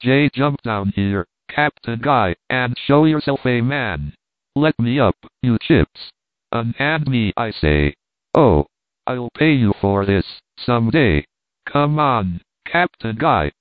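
A man voicing an enraged ship's mate who shouts furiously, on a tinny, dry recording. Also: medium pitch, lively intonation, slow, no room sound. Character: furious brawling male first mate, pinned down. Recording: tinny phone-like dry sound.

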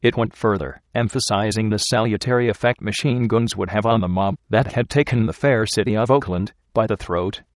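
A man reading a novel aloud as narrator, in a measured, steady way. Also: fairly low pitch, no room sound, clean studio sound. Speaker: audiobook narrator.

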